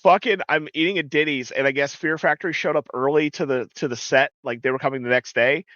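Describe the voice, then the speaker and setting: A man's voice: on the high side, fast talker, no echo, highs cut off. A middle-aged man co-hosting a podcast, telling stories in casual chat, swearing often and acting out the voices of people in his stories. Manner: animated storyteller, swears a lot, acts out voices. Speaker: podcast co-host.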